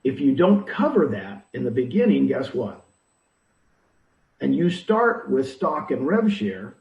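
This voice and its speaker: Man, emphatic, rhetorical questions, lively pitch, distant, dull lo-fi sound. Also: unhurried, vocal fry, reverberant. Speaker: interviewee, real estate recruiting mentor. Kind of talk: animated advice talk.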